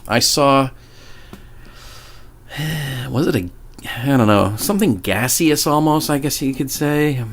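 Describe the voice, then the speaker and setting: A man's voice: medium pitch, a bit bright, a little hiss or hum. A young man telling a ghost story in casual, rambling fashion, swearing often and stumbling over restarts. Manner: rambling, profane, stammering restarts. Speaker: paranormal vlogger.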